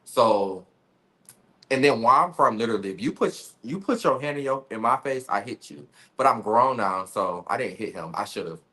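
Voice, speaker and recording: A man with a low voice talks as an interview guest. He is blunt and candid, drops slang and laughs often while he tells his side. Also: animated, moderate pace, bright, forceful tone. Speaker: reality show cast member, guest. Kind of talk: casual interview chat.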